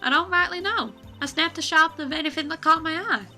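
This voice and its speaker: A woman voicing a loud, excitable young female photographer in a game, with a folksy country drawl. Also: high-pitched, brisk, soft background music, pitched above the performer's own voice, exaggerated voice. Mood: brash.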